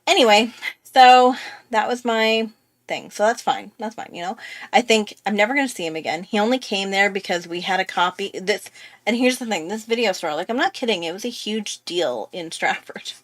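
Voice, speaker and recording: A woman's voice: mid-range voice, moderate pace, no room sound. Chatty young woman rambling through a story. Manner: chatty, rambling, full of fillers. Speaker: art YouTuber. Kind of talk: casual storytelling.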